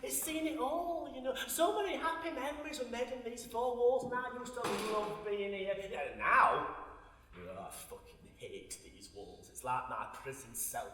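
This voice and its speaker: A man's voice: very high-pitched, moderate pace, bright, forceful tone, a little hiss or hum. A man playing a foul-mouthed old woman. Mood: bitter sardonic. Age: older. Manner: salty, swearing, blunt, darkly wry. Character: lonely foul-mouthed old Sheffield woman, blunt and bitter. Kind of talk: stage monologue. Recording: echoey hall recorded from a distance.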